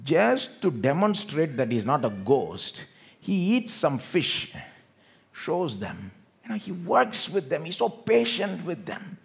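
A man from India preaching a sermon in church, acting out quoted speech with big swings between loud and quiet, and calling on the congregation to respond. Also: slow pace, gravelly. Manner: animated, acts out quoted speech with big swings in loudness and pitch.

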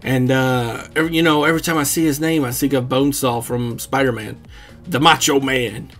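A man's voice: medium pitch, steady tone, fairly quick, a bit bright, faint music behind. A man giving casual, rambling commentary over his own gameplay, swearing freely and chuckling often. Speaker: gaming commentator.

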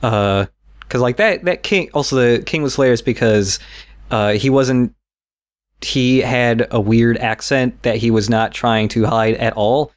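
A young podcast co-host rambles through a story in casual chat, laughing and swearing along the way. His voice is medium-pitched and a little slow.

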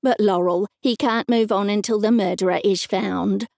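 Picture an anxious male ghost in a cozy mystery audiobook, put on by an Australian woman narrator, pleading in an unhurried, urgent way. The tone is low and mellow with a gravelly edge, and the room sounds dry. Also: fairly even intonation, no room sound, natural voice.

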